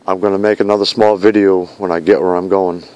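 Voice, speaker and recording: Out in a snowy park at night, a man films an earnest, pleading message to his fiancée, returning again and again to vow-like lines. He talks fast in a low, smooth voice with a darkish tone and a flat delivery.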